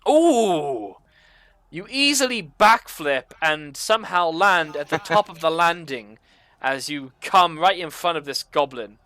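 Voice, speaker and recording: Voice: mid-range voice, animated, unhurried, bright, forceful tone, clean tone, dry recording. A game master narrating a tabletop game, describing scenes loosely with many fillers.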